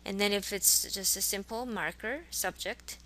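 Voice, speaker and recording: This recorded college lecture features a woman teaching a language class at a moderate pace. Her voice is medium-pitched and fairly bright as she patiently explains grammar and models example sentences, though the recording quality is low.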